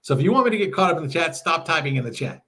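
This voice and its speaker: This middle-aged man speaks in a slightly high, sing-song voice that's rapid-fire, bright, and forceful, with a breathy edge. He's hosting a relaxed livestream in his home RV, chatting with viewers, reading the chat aloud, and laughing a lot.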